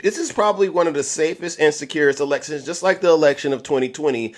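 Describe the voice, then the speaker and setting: A man's voice: a little high, quick pace. A man hosting a political commentary livestream, boastful and showy, with catchphrases. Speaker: livestream host.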